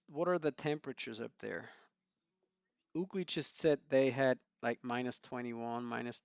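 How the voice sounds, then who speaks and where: A man's voice: medium pitch, vocal fry, no room sound, dull audio. A man hosting a live stream, chatting casually and greeting viewers by name with frequent chuckles.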